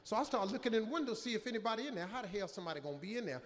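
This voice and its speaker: An older man doing stand-up storytelling, loud and animated, often shouting his punchlines. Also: high-pitched, rapid-fire, very noisy. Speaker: stand-up comedian. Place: comedy stage. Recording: live hall reverb, faint ambience.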